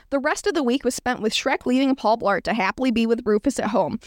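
A woman's voice: on the high side, no room sound, clean studio sound. A woman podcast host reading fan fiction aloud for comedy, breaking off for self-aware asides.

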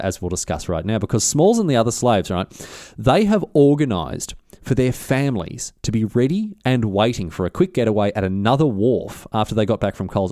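A man's voice: fairly low pitch, a little mellow, dry recording, studio quality. A man who hosts a podcast and retells history in a rambling, matey, filler-heavy way with plenty of slang. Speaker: podcast host. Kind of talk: casual history storytelling.

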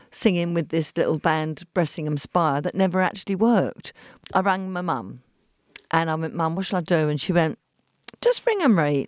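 A woman with an East London accent, a guest telling lively stories in a podcast interview and acting out the voices of the people in them. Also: deep voice, dry recording, clean studio sound. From England. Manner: animated storyteller acting out quoted voices.

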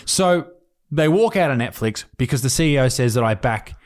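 A man's voice: medium pitch, expressive, normal speed. A man co-hosting a podcast in loose, casual chat. He swears freely, rambles, and often stops partway through a thought to restart it. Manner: rambling, profane, self-interrupting. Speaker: podcast co-host. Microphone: podcast microphone.

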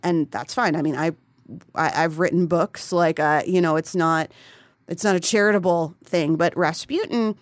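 A woman's voice: fairly low pitch, normal speed, no room sound. Profane, candid woman in casual chat. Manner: candid, profane, rambling with frequent restarts.

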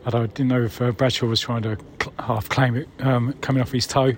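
A man's voice: mid-range voice, little pitch movement, a little fast, a little hiss or hum. A man leaving a casual voicemail, conversational and wry, with mild swearing.

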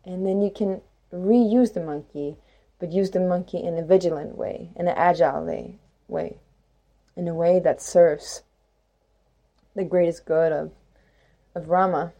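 A woman's voice: fairly low pitch, fairly even intonation, measured pace, pauses often, mellow. A woman hosting a spiritual talk in a rambling, reflective monologue with playful rhymes and many fillers. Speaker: spiritual podcast host.

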